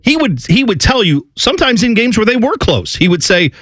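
Animated, opinionated man talking sports. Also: sits high, a little fast, no room sound. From Columbus, Ohio area. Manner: animated, opinionated, mimics announcers in loud bursts. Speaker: podcast co-host. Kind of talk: casual sports talk.

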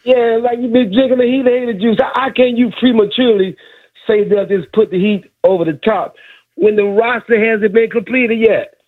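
High-pitched male caller on tinny phone. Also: fairly even intonation, fairly quick. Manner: skeptical, pushy, stumbling. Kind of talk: argumentative sports call-in.

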